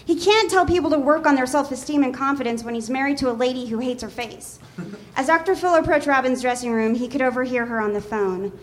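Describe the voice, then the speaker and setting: A woman's voice: high voice, fairly quick. A woman comedian on a small theater stage, reading her comic story aloud and often laughing at her own lines.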